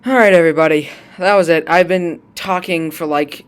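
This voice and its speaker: Excitable young man rambling a recap. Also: a little high, moderate pace, clear, resonant tone. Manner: excitable, rambling, many fillers. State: voice strained after long recording. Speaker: YouTuber discussing a cartoon series. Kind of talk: casual episode recap.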